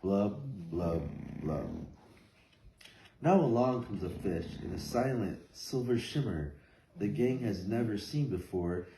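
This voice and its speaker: A man reading a rhyming picture book aloud with a steady rhythmic lilt. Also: on the low side, slow pace. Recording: echoey room, faint noise.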